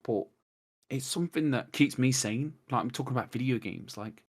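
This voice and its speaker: An English man chatting as a podcast guest, rambling excitedly through stories, swearing and laughing, on a cheap microphone over a video call. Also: mid-range voice, normal speed. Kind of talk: casual chat. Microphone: cheap desktop mic on a video call.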